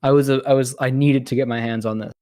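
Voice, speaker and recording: Guy rambling on a podcast, laughs a lot, dry close sound, middle pitch. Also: fairly even intonation, quick pace, warm tone, dry recording. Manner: chatty, rambling, laughs often. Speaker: podcast co-host. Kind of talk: casual chat.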